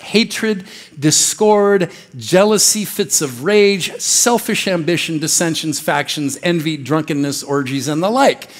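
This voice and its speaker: A young man preaching a casual, joking sermon in a church, acting out little voices as he goes. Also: high voice. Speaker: pastor.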